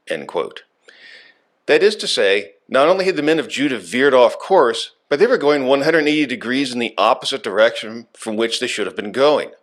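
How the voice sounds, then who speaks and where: A man delivering a scripted radio lecture in a measured, emphatic way, stressing key words. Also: medium pitch, fairly bright tone.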